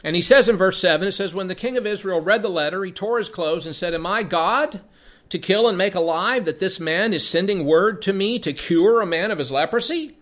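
A man's voice: high-pitched, a little fast, fairly bright tone. A man teaching from the Bible, reading passages aloud and then explaining them in a conversational way, often repeating words as he thinks.

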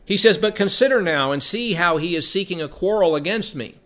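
A man's voice: high voice, expressive, brisk, fairly bright tone. A man teaching from the Bible, reading passages aloud and then explaining them in a conversational way, often repeating words as he thinks.

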